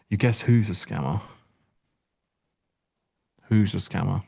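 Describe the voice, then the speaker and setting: A man's voice: low voice, normal speed, creaky, pauses often, darkish tone, dry recording. A man giving casual live-stream trading commentary, joking wryly and answering chat aloud into a close mic.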